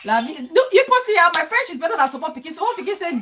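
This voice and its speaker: Emotional high-voiced woman streaming live. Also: sing-song, rapid-fire, few pauses. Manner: emotional and pleading, shouting out names. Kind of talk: casual live-stream chat with viewers.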